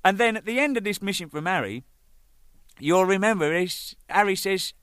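A man's voice: high-pitched, moderate pace, clear, resonant tone, dry recording. A man, a rock drummer, telling band anecdotes in a casual, swearing, laughing way. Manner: animated, swears freely, laughs mid-story.

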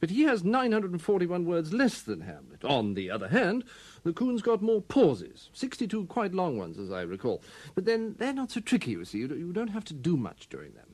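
A man's voice: high voice, wildly swooping pitch, normal speed, darkish tone, heavily acted. A man playing a pompous, rambling veteran stage actor in a comedy sketch, with a plummy voice. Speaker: interviewee.

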